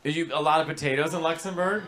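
A man's voice: a little high, fast talker, noisy background. A man doing stand-up crowd work, teasing audience members and slipping into Italian and French. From Sicilian-Italian family, New York. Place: comedy club stage.

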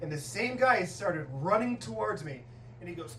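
Male stand-up comic, profane and animated, heard from a distance in a roomy club. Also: sits high, normal speed, slight background noise. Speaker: stand-up comedian. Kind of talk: stand-up set. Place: comedy club stage. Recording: echoey club, distant mic, audience laughter.

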